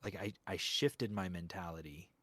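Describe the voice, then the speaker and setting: A man's voice: deep voice, normal speed, a bit bright, no room sound. A man, a voice actor, talking reflectively in a casual interview, rambling with lots of fillers. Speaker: guest voice actor.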